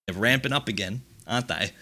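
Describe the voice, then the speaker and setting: A man's voice: fairly low pitch, fairly quick, pushed and bright. A man hosting a live stream, reading out chat quotes and reacting with dry asides and laughter. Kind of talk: casual live-stream commentary.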